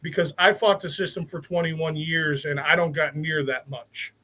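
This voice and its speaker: A man's voice: on the high side, fairly even intonation, moderate pace, pushed and bright, low-quality recording. A man speaking as a guest in casual talk, earnest and opinionated, often repeating words as he starts a thought. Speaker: guest, veteran.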